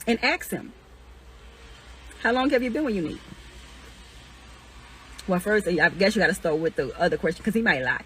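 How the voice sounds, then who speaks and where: A woman's voice: medium pitch, animated, moderate pace, long pauses, fairly bright tone, a little hiss or hum, poor audio. A young woman venting heatedly and profanely, indignant and repeating herself. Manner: indignant, repetitive, swears constantly, rising to incredulous peaks. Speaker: woman airing accusations against an ex.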